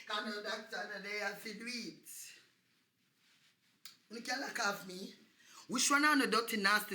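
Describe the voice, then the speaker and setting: A Jamaican woman on a livestream, taunting and cursing loudly, often breaking into shouts. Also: mid-range voice. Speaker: social media personality. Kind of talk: livestream rant.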